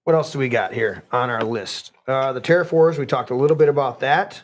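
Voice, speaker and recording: A man's voice: medium pitch, brisk. A man hosting a podcast, ranting casually and reading news articles aloud, rambling, swearing and stumbling over words. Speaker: podcast host.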